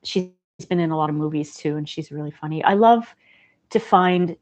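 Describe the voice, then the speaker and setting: A woman hosting a casual livestream, talking in a gentle, chatty way and laughing often. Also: sits low, normal speed. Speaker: livestream host.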